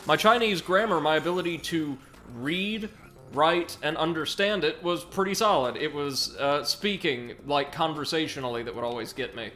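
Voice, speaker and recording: A man hosting a let's play, chatting casually and reacting to viewers while he plays, often correcting himself mid-sentence. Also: on the high side. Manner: chatty, self-correcting, excitable. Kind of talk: casual gameplay commentary with chat reading.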